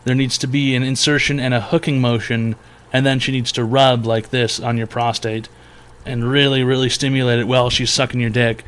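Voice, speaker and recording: A man's voice: medium pitch, flat delivery, fairly quick, fairly bright tone, clean tone. A man hosting a crude call-in advice stream, talking in a brash, mock-serious way. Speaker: advice show host.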